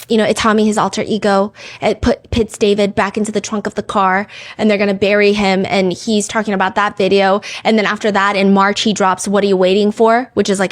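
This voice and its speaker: A woman hosting a podcast, telling a true-crime story in a casual, chatty way, full of "like" and "you know.". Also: medium pitch. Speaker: podcast host.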